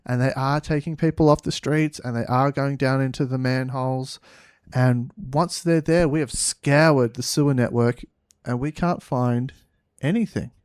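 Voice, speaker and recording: A man co-hosting a podcast, improvising a comic story, halting and repeating words playfully. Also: mid-range voice, steady tone, darkish tone, clean tone, no echo, studio quality. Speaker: podcast co-host.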